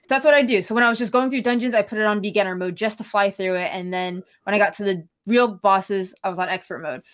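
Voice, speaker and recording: A woman's voice: mid-range voice, quick pace. A woman co-hosting a casual podcast chat, ranting heatedly and swearing freely. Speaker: podcast co-host.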